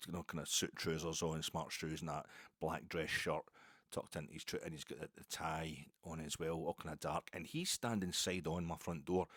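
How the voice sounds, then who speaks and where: A man's voice: sits low, no room sound, clean studio sound. A middle-aged Scottish man hosting a podcast, telling a rambling, self-deprecating story in casual chat and stumbling over repeated words. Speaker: podcast host.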